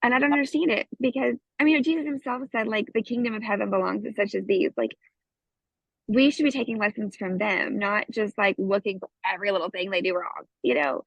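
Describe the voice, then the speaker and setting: A woman in her thirties, a course student appearing as a guest on a parenting show, briskly tells a family story in a casual interview. Her mid-range voice comes through a dull, dry, close recording without room sound, and she lively acts out both her child's lines and her own.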